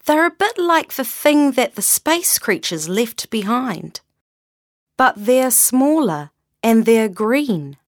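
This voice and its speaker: A woman voicing a cheerful, curious little girl rock creature in a storybook, in a playful, drawn-out, higher voice. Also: big pitch swings, no room sound, studio quality.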